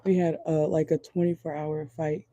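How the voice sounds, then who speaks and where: A hoarse woman whose voice is going out, chatting casually as she reads viewer comments during a live tarot reading. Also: sits low, flat delivery, normal speed, mellow, highs cut off. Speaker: tarot reader. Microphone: phone or laptop in a car.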